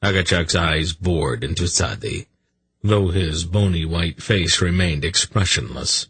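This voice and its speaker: Deep, gravelly male audiobook narrator. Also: fairly bright tone. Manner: slow, measured, dramatic. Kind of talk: scripted narration.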